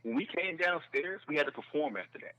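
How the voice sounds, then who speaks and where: A man telling a comedy-club story in a casual chat, animated and acting out the people he quotes. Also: on the high side, fairly quick, highs cut off. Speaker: guest comedian.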